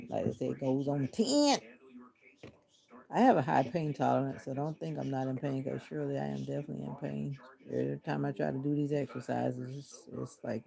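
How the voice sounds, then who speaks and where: A woman chatting casually on a livestream with her viewers in a deliberately flat, monotone manner while doing arm exercises on her couch. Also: a bass voice, vocal fry. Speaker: livestream host.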